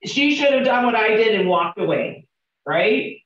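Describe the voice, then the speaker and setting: A woman with a fairly high, expressive voice speaks a bit slowly while coaching real estate agents. Candid and conversational, she tells stories and asks the class questions; the room sound is spacious, distant and dull, typical of a classroom.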